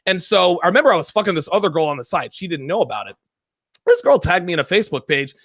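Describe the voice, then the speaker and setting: A man's voice: sits high, fast, no echo, clean studio sound. A man hosting a casual podcast conversation, telling blunt, profane stories. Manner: animated, profane storytelling. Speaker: podcast host.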